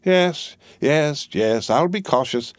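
A man's voice: fairly high pitch, lively intonation, slow pace, no room sound, pitched above the performer's own voice. A man reading an audiobook, voicing a brusque, fiercely patriotic middle-aged Englishwoman with a fussy, emphatic manner. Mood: brisk, emphatic. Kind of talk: audiobook character voice.

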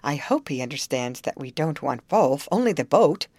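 A woman's voice: sing-song, moderate pace, a little mellow, husky, no echo, heavily acted. A woman voicing an anxious young girl who calls out urgently for help in a storybook reading. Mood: hopeful. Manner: high, urgent calling.

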